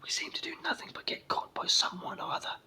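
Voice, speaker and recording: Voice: normal speed, pushed and bright. A storyteller with a sore throat and cold voicing a tiny male brownie, frightened and indignant, in whispered role-play. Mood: gloomy.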